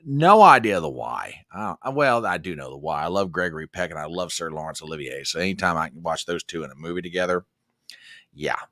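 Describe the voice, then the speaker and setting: A man's voice: sits low, fairly quick, no room sound, clean studio sound. A man hosting a casual livestream, folksy and talkative, reading viewer comments aloud. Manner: folksy, animated, reads chat comments aloud. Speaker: livestream host.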